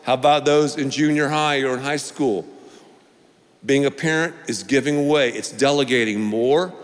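A man's voice: mid-range voice, moderate pace, in a large hall. A male pastor preaching a sermon, emphatic and repetitive, with playful asides.

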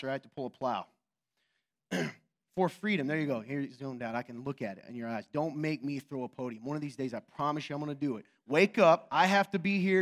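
A male pastor preaching a sermon in an animated, joking way, teasing his congregation and asking rhetorical questions. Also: fairly high pitch. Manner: quick, emphatic, asks rhetorical questions.

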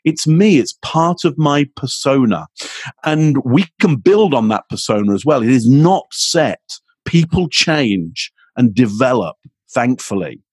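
Male expert guest, husky, lively, close dry sound. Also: measured pace, no room sound. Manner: energetic, acts out quoted exchanges with rising pitch. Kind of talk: animated interview answer.

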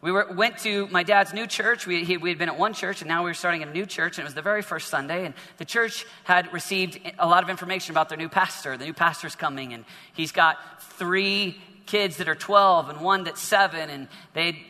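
A man's voice: high voice, a little fast, few pauses, pushed and bright, long reverb tail. A man preaching a sermon to young people. He tells a personal story and often repeats words and restarts his sentences. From northern United States. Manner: storytelling with frequent repetitions and restarts.

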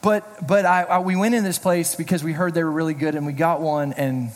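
A middle-aged pastor giving a casual, joking sermon, telling personal stories in a chatty way. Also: male voice, fairly high pitch, steady tone, fairly quick, slight background noise. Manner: chatty, storytelling, self-deprecating jokes. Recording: reverberant hall.

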